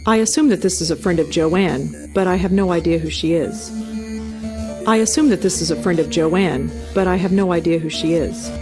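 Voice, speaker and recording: A woman's voice: fairly low pitch, moderate pace, natural voice. An actress voicing an inquisitive young female investigator who asks pointed questions. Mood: questioning. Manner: questioning, probing. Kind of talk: video game voice acting. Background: game music.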